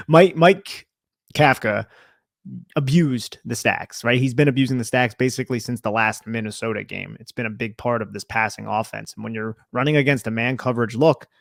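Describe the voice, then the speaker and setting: A man's voice: mid-range voice, moderate pace, creaky, dry recording, studio quality. A young man co-hosting a casual sports podcast, talking through game film in a conversational way and laughing easily. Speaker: podcast co-host.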